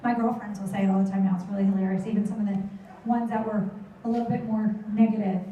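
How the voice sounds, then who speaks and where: A woman's voice: medium pitch, fast, phone-quality sound, slight background noise. A middle-aged woman giving a motivational talk to a live audience, telling stories and acting out her children's voices. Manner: animated storytelling, acts out her kids' voices. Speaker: motivational speaker. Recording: echoey hall, voice from far off the mic.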